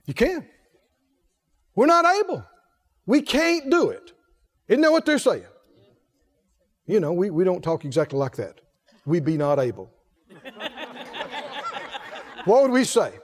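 A man preaching a sermon, asking the congregation question after question in a folksy, animated way. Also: high voice, a little slow, pauses often. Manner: folksy, laughs between points. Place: church. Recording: echoey hall reverb.

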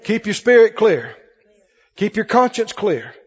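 A man's voice: sits high, sing-song, a little slow, slightly rough. A man preaching a sermon to a congregation, emphatic and calling for responses. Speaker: pastor. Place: church hall with congregation. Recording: lo-fi recording in a reverberant hall.

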